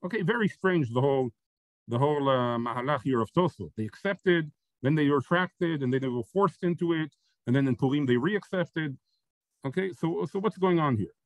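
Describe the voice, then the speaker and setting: A man teaching a Torah text-study lesson. He reads Hebrew sources quickly, explains them step by step in English, and keeps checking in with "right?" and "okay?". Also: on the high side, expressive, dry recording, rough recording.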